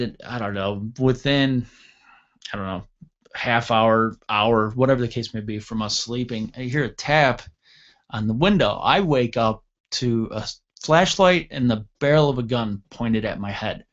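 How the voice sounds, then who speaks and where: A man from upstate New York telling a long story on a talk show, rambling and correcting himself, and lively when he acts out the dialogue. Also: medium pitch, moderate pace, muffled recording. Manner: rambling with frequent self-corrections; animated when acting out dialogue. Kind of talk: casual anecdote telling.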